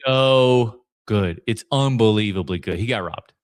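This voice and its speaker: A man hosting a podcast, chatting casually and reacting to clips with frequent pauses and fillers. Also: fairly low pitch. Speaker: podcast host. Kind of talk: casual commentary.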